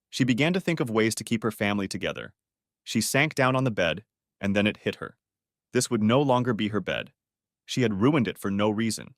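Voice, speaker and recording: A man's voice: mid-range voice, dry recording, studio quality. Man reading a dramatic story aloud. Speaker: narrator. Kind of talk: storybook narration.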